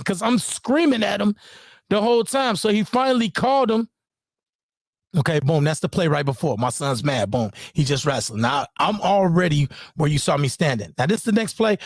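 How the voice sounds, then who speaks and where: A man's voice: no echo, studio quality. Heated, profane man breaking down game film. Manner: heated, profane, repeats "boom" and "you know what I'm saying". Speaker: parent breaking down game footage. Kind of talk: casual screen-share commentary.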